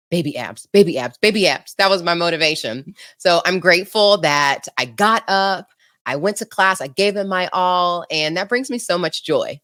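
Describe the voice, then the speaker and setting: A woman's voice: on the low side, fairly bright tone. A woman hosting a podcast in casual, bubbly chat, laughing often as she tells stories. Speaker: podcast host.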